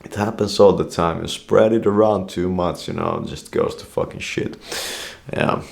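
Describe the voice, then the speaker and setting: A man with a low voice, wildly swooping pitch, and vocal fry tells a meandering, rambling story at a moderate pace. He swears constantly and drops "you know" after nearly every phrase.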